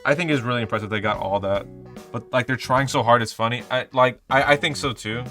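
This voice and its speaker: A man's voice: mid-range voice, brisk, pushed and bright, soft background music. A young man in his twenties reviewing movies in casual, rambling chat, full of fillers and swearing. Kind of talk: casual vlog commentary.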